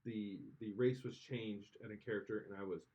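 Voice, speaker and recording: A man's voice: fairly low pitch, steady tone, a little fast, warm tone. A man co-hosting a casual podcast chat, rambling and opinionated, full of restarts. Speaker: podcast co-host.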